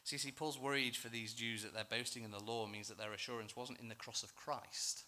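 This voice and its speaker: A man's voice: medium pitch, fairly even intonation, a little fast, pushed and bright, a little hiss or hum. A male church minister preaching a sermon in an earnest, emphatic, self-deprecating way.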